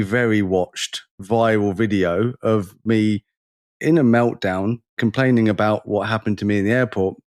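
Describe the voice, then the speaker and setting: A man, co-hosting a podcast and telling a lively story in casual conversation, acting out the people in it. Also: lowish voice, dry recording, studio quality. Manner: animated storyteller, acts out the people in his stories. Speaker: podcast co-host.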